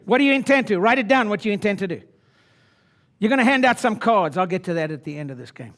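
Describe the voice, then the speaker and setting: A man in his sixties speaking at a seminar, brash and boastful, dropping to low asides and then pushing up into loud exhortation at the audience. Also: expressive, fast. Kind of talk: motivational seminar talk. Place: conference room before an audience.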